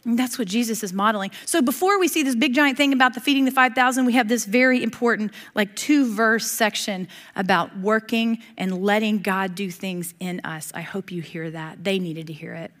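A middle-aged woman preaching a sermon in a conversational, lively way, with a lot of asides and quick laughs. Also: mid-range voice.

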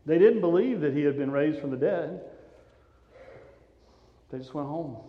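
A high-voiced male pastor delivering a sermon in a dramatic storytelling way, swinging from loud urgency down to hushed softness. His voice rings through a long, echoing church hall. The recording is dull and lo-fi. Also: expressive, measured pace. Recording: echoey hall, dull lo-fi sound.

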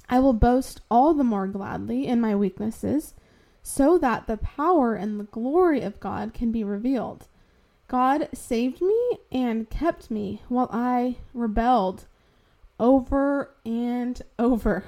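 A young woman with a slightly raised voice speaks slowly and deliberately, sharing her faith testimony. She sounds earnest and heartfelt, holding back tears as she goes. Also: fairly high pitch, dark tone. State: tearful, fighting back tears. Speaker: podcast host sharing testimony.

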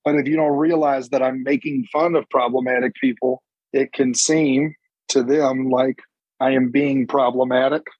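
A man's voice: medium pitch, breathy edge, no echo, highs cut off. A young man, a stand-up comedian telling stories in casual chat and acting out what people said. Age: young adult. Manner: animated, acts out quotes with quick bursts.

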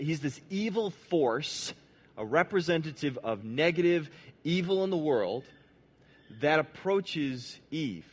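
Man w fairly high voice preaching a chatty sermon, asks the crowd stuff, restarts a lot, goes low and quiet for emphasis. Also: husky. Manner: conversational, asks the audience questions; restarts and repeats words, dropping low and soft for emphasis.

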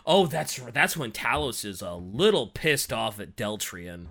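A man co-hosting a casual book discussion podcast, laughing often and acting out characters in quick voices. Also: medium pitch, big pitch swings, creaky, a bit bright, breathy edge. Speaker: podcast co-host.

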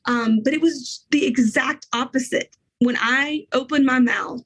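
Middle-aged woman guest, husky, rather high voice, earnest faith testimony. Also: fairly even intonation, fairly bright tone, low-quality recording. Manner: earnest, emotional, fast bursts of speech.

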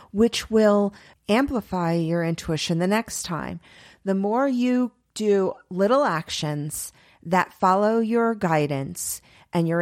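A middle-aged woman giving a chatty, earnest spiritual talk, laughing often and voicing her inner thoughts in quick asides. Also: mid-range voice. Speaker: spiritual teacher. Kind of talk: spiritual teaching monologue.

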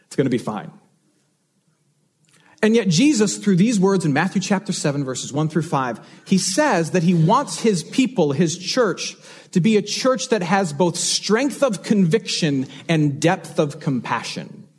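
Earnest husky-voiced male pastor preaching. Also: high-pitched, very animated, measured pace. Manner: earnest, emphatic preaching with repeated phrases. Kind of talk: sermon.

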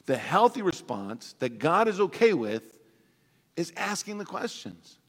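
A man preaching a sermon as pastor, animated and playful, acting out everyday voices for laughs. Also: a little high, measured pace, in a large hall. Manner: animated, acts out voices of toddlers and parents for laughs.

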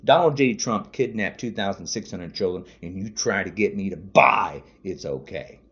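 A man's voice: sits low, normal speed, a bit bright. A man podcasting an angry political rant, furious and repetitive, hurling insults. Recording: dull lo-fi audio.

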